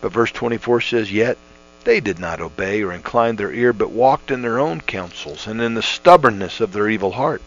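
A middle-aged man with a lowish, slightly bright voice gives earnest, conversational Bible teaching on the radio at a moderate pace, folksy and full of restarts. The audio is dull, lo-fi radio sound with mains hum.

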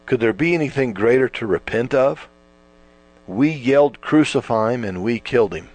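A man preaching a sermon, emphatic, drawing out words for stress and swinging between loud and quiet. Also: medium pitch, expressive, normal speed. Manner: emphatic, rising and falling with stretched words. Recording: mains hum behind.

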